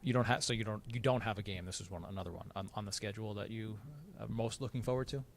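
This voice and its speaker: Male sports show host, fast, friendly interviewer. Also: lowish voice, creaky, slight background noise.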